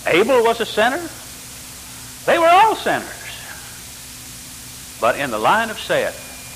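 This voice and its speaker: Animated older preacher in an echoing church. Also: male voice. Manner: animated preaching with sudden pitch jumps and rhetorical questions. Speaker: pastor. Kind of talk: sermon. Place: church sanctuary. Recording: church hall reverb with faint hiss.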